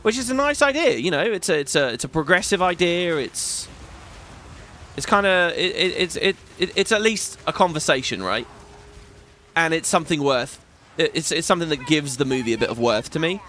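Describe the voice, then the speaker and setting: A man's voice: on the high side, lively intonation, normal speed, sharp tone, a little hiss or hum. A British man in his thirties chatting casually and rambling while playing a video game. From Britain. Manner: chatty, rambling, swears, many restarts. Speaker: gaming YouTuber. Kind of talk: casual gameplay commentary.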